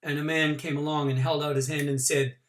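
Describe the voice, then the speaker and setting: A male teacher reading a novel aloud to his class, with expressive voices for the characters and small asides explaining things. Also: on the high side, a little fast. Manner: adds short explanations for listeners. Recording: voice picked up from a distance from the mic.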